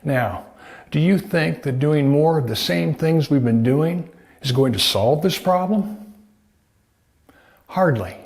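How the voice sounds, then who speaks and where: A man's voice: on the high side, expressive, slow pace, vocal fry, long pauses, a little mellow. A man, a doctor, gives a scripted health talk to camera in a folksy way, full of rhetorical questions. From United States. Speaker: doctor presenting a health video.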